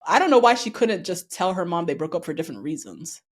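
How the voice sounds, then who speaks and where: A woman co-hosting a podcast, recapping a show in relaxed conversation. She talks in an animated way, laughs often and swears casually. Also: lowish voice, fast, slightly rough. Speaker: podcast co-host.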